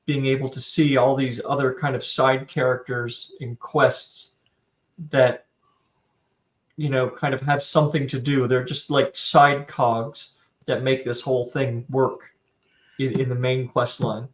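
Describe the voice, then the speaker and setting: A man's voice: mid-range voice, little pitch movement, unhurried. Easygoing man teasing his co-host. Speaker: podcast co-host. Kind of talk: casual chat.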